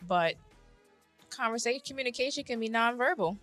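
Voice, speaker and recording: A woman co-hosting a casual podcast chat, telling stories in a lively way and acting out what people said. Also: on the high side, brisk, soft background music. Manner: animated storytelling, acts out quotes. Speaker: podcast co-host.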